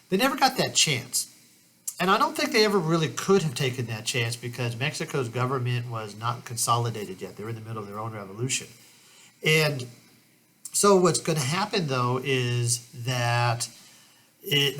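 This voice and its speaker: A man talks through a history lesson in a loose, conversational way, circling back and restarting his sentences. His voice is at an ordinary pitch but has a bright, forceful edge. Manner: conversational, with many restarts and "kind of" asides. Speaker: history teacher. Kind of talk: casual classroom lecture.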